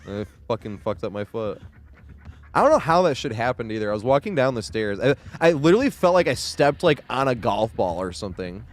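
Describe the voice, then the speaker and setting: A man's voice: medium pitch, big pitch swings, a little fast. Laid-back swearing male game streamer. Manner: loose, laughing, swears freely. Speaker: gaming streamer. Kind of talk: casual live-stream chat.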